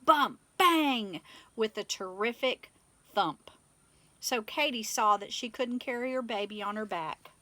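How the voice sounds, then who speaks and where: Bright-voiced woman reading a children's story. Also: medium pitch, a little slow, no echo. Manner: expressive, animated. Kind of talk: children's picture book reading.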